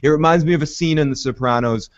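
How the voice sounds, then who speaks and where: A man co-hosting a casual podcast chat, lively and quick to act out quotes from the show. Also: a little high, dry recording. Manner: animated, acts out quotes. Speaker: podcast co-host. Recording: dull dry audio.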